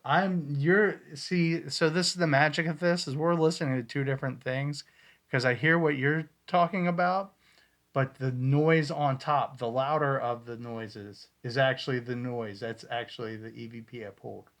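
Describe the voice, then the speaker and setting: A man's voice: medium pitch, steady tone, moderate pace, a bit bright. A man co-hosting a casual podcast, playfully bantering while reviewing ghost-hunt recordings. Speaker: podcast co-host.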